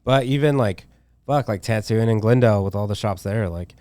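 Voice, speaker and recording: A man's voice: lowish voice, fairly quick, a little mellow, no room sound, clean studio sound. A young man, a tattoo artist, chatting loosely on a podcast with lots of slang, swearing and filler words. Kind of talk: casual podcast chat.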